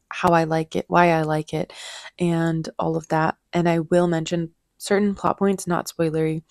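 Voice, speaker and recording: A young woman in a casual book vlog, talking quietly into a handheld mic at home, chatty with fillers and small laughs. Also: on the low side, creaky, no room sound, clean studio sound. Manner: quiet, near-whispered, hushed to avoid noise. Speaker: book vlogger. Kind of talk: soft-spoken casual chat. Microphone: handheld mic held close.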